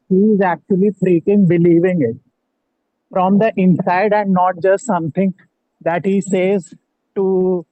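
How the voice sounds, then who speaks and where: A man's voice: high voice, warm tone, dry recording, dull audio. A man with a South Asian accent asking a question on a video call, hesitant and searching for words. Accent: South Asian English. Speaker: group member asking a question.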